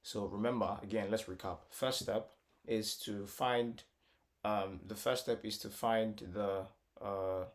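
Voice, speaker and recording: Low-voiced man teaching music casually. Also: steady tone, measured pace. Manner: repetitive, explains step by step, many fillers; breaks into short sung phrases.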